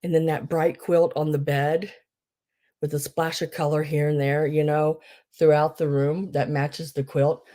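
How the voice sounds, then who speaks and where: A middle-aged woman runs a casual live-stream sale in a somewhat low voice. She chats easily, greets viewers by name, and fills her talk with ums and restarts as she explains how the bidding works. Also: level tone, a little slow, warm tone. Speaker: online live-sale seller.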